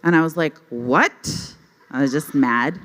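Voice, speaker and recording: Low-voiced woman doing stand-up. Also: brisk. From Canada. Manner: self-deprecating, laughs often at her own jokes. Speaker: stand-up comedian. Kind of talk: stand-up comedy storytelling. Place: stage at a youth conference, before a live audience. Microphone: handheld microphone.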